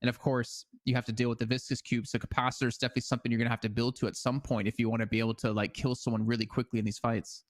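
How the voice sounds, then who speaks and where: A man co-casts an esports match in a loose, chatty way, hedging often as he weighs each pick. His voice sits in an ordinary middle pitch. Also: level tone, very fast, hardly any pauses. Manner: casual, hedging with fillers like "I mean". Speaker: esports co-caster. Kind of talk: esports analysis commentary.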